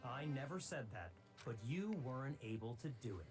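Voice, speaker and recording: A cold, arrogant young heir from a video game talks down to everyone with cutting contempt, as a voice actor plays him. His pitch swings widely while game music plays underneath. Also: sing-song, moderate pace, natural voice. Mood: scornful. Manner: condescending, cutting.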